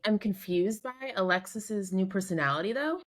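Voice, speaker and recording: A woman's voice: mid-range voice, normal speed. A woman co-hosting a podcast, chatting casually about reality TV with lots of "like". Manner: relaxed and conversational, lots of "like". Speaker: podcast co-host. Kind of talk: casual pop-culture chat.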